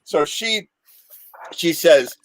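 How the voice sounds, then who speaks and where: A man's voice: on the high side, expressive, drawn-out words, no echo. A man telling a long, rambling story in casual chat on a live show, full of restarts.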